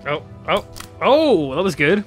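A Northern Irish man with a fairly high voice co-hosts a let's play. He narrates his partner's moves like a mock sports commentator. He keeps a teasing, playful edge. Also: big pitch swings, a little slow, soft background music. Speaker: co-host gamer.

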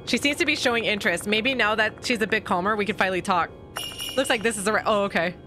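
A woman's voice: medium pitch, fast talker, music in the background. A woman streamer narrating a story game and chatting about her choices as she plays. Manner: chatty, reacts aloud while reading narration. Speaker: gaming streamer. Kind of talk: let's play commentary and reading.

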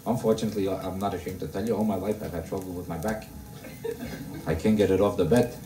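A man doing a stand-up routine for a live audience, grumbling deadpan and tossing rhetorical questions at the crowd. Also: deep voice, fast talker, very noisy. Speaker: stand-up comedian. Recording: roomy live club recording, mic heard from a distance. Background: audience laughter.

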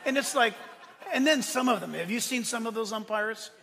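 A male pastor preaching a sermon, swinging between loud, emphatic declarations and quiet asides. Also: very high voice, moderate pace, some chatter behind. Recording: long hall reverb.

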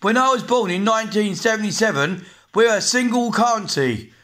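Ranting high-voiced English man in his forties. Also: animated, fairly quick, a bit bright. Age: 40s. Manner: agitated, repetitive, swearing, blunt. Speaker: vlogger. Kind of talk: angry rant to camera.

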